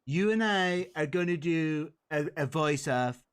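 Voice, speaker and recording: A man's voice: on the high side, lively intonation, measured pace, clean tone. An Irish man hosting a casual livestream chat, joking and teasing his co-host. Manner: joking, teasing, dares and goads. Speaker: streamer host.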